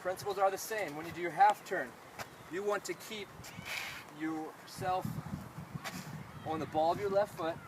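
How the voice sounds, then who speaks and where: A man's voice: high-pitched, animated, normal speed, gravelly, pauses often. A man coaching a group in discus throwing outdoors, explaining each step patiently and often asking if it makes sense. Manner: patient, step-by-step, checks understanding. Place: outdoor athletic field. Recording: distant voice in loud outdoor noise.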